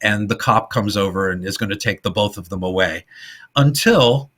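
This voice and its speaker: Middle-aged male podcast co-host, bright and husky, lively storyteller. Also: on the low side, normal speed. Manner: animated retelling, acts out quoted lines in funny voices. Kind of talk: casual film discussion.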